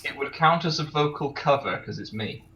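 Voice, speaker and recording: A British man talks in a bright, sharp voice, chuckling and stumbling over his restarts. His pitch swings widely. He comes through a dull, low-fidelity call line. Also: animated, brisk. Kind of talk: casual chat.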